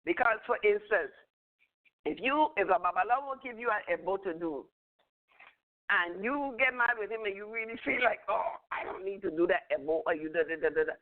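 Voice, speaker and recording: A woman's voice: mid-range voice, expressive, a little fast. Older woman, rambling storyteller with a chuckle; phone-quality audio. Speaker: spiritual teacher. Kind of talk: casual teaching talk. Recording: tinny phone-line audio.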